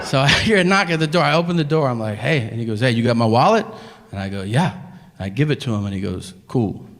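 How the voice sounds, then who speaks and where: A man telling a stand-up story on stage, animated and profane, acting out other people with grunts and flat voices. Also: medium pitch, fast talker, a faint crowd, a little hiss or hum. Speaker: stand-up comedian. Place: comedy stage before a live audience. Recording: stage mic in a hall with faint ambience.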